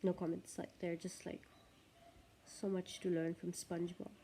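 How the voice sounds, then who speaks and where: A woman's voice: on the low side, flat delivery, normal speed, dark tone, a little hiss or hum. A woman vlogger talking casually to the camera in a chatty, rambling way.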